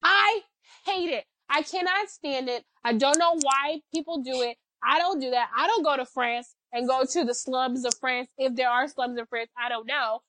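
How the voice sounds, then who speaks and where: A woman co-hosting a casual chat podcast, talking in an animated, ranting way with lots of fillers. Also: high-pitched, normal speed, few pauses, slight background noise, rough recording. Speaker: podcast co-host.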